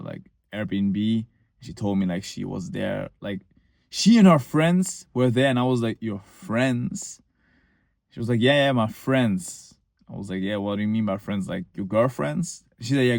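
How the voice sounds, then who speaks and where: A man's voice: medium pitch, darkish tone, no echo, studio quality. A young man telling a personal story in a casual, rambling monologue, full of fillers and short laughs.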